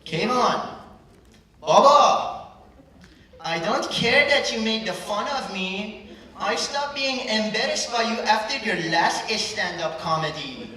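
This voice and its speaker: Picture a young man doing a stern, accented immigrant dad, pitched up above his usual voice as he scolds his son. It is all delivered from a stage. The sound is heavily echoey, caught from far off the mic over crowd noise. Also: expressive, slow, pushed and bright, heavily acted. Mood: scolding. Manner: lecturing, reproachful.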